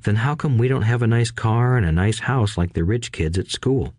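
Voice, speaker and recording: A man's voice: medium pitch, normal speed, darkish tone, dry recording, pitched above the performer's own voice, natural voice. A man reading the part of a young boy, eager and wide-eyed, raising his voice a little for the child. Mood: eager boyish. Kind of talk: audiobook reading.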